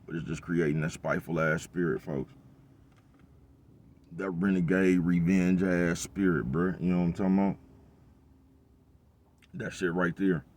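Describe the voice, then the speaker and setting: Deep-voiced man rambling in street slang. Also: fairly even intonation, normal speed, long pauses, a little mellow. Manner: rambling, profane street slang, repeats "bruh" and "you know what I'm talking about". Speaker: vlogger. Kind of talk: casual monologue.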